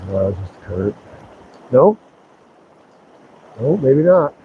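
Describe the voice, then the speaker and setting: A man's voice: mid-range voice, slow, narrow, tinny audio, a little hiss or hum. A man streaming live while fishing outdoors by a river, talking playfully to the fish as he reels it in. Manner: excited, playful, talks to the fish. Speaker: fishing livestreamer.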